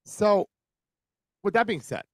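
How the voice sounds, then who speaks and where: A man co-hosting a casual podcast, ranting excitedly with lots of laughter and swearing. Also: high voice, takes it slowly, no echo. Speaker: podcast co-host. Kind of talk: casual wrestling chat.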